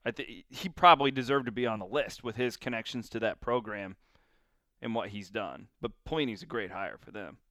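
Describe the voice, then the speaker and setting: A man hosting a casual sports talk show, giving blunt, animated opinions. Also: lowish voice, brisk, no room sound, studio quality. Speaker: sports radio host.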